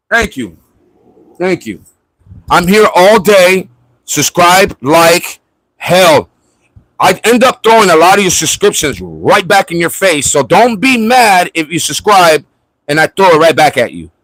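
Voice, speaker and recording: A man's voice: fairly high pitch, fairly bright tone, dry recording, poor audio. A man hosting a livestream in casual chat, ranting mockingly and swearing at a viewer. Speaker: livestream host. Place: at home in Florida.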